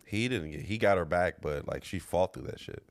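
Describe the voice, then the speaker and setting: A man's voice: brisk, no echo, studio quality. A young man co-hosting a comedy podcast, talking loosely and jumping into put-on voices for jokes. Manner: animated, jumps into squeaky put-on voices for jokes. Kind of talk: casual comedic chat.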